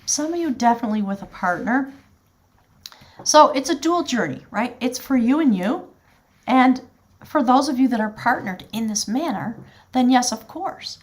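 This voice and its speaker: A woman's voice: fairly high pitch, lively intonation, a little slow. A woman giving a spiritual tarot reading, speaking earnestly and directly to the viewer in a flowing, heartfelt way. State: choked up with emotion at times. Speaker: tarot reader.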